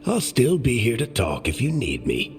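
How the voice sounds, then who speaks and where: A man's voice: medium pitch, wildly swooping pitch, normal speed, soft background music. An actor playing a wry male dwarf companion in a video game, with dry, teasing and fond delivery. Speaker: companion character.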